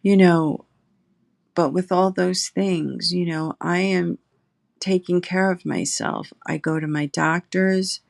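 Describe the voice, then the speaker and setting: A middle-aged woman, a guest in recovery, telling her personal story slowly and reflectively, pausing often. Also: on the low side, steady tone, creaky, no room sound, clean studio sound. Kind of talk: emotional personal testimony. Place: her apartment.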